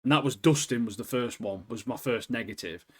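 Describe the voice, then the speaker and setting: A young British man co-hosting a podcast, chatting casually and excitedly, swearing and calling his friend "mate" constantly. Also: medium pitch, a little fast, husky. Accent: British English. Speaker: podcast co-host. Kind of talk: casual chat.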